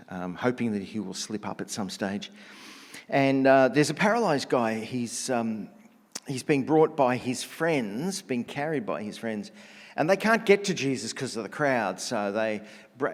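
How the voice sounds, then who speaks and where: A man preaching a conversational sermon, telling stories in a relaxed, casual way with slang and frequent restarts. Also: fairly low pitch, in a large hall.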